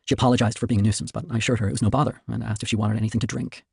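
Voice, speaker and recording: Fast gravelly man reading aloud. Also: lowish voice, little pitch movement, dry recording, studio quality. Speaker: streamer reading a novel. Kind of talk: casual reading aloud of a novel.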